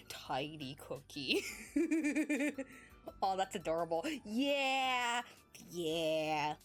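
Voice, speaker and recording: A woman's voice: medium pitch, very animated, drawn-out words, faint music behind. Bubbly, giggly woman streamer chatting. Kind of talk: casual stream chat.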